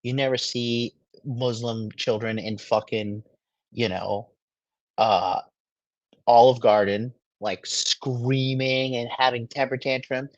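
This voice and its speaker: Crude cocky guy reacting to clips, mid pitch, kinda dull muffled sound. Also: steady tone, slow pace, no room sound. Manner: profane, mocking, swaggering. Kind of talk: crude casual commentary.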